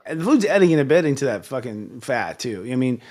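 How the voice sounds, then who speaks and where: A man hosting a live talk show, ranting in an animated, profane way. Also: medium pitch, fast. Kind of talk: casual chat.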